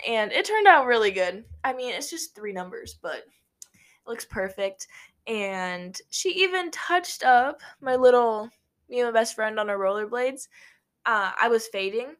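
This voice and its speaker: A woman's voice: mid-range voice, a bit bright. A young woman from Nebraska casually telling a story to camera, chatty, with frequent laughs and lots of "like". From Nebraska, USA. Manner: chatty, laughs often, many "like" fillers. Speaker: vlogger.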